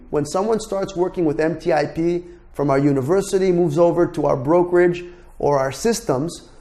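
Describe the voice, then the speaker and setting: A blunt, emphatic man lecturing students as a real estate broker and instructor. His voice sits fairly high for a man, and he hammers points home by repeating words and swearing freely. He talks to the class directly, like a no-nonsense mentor. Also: a little mellow.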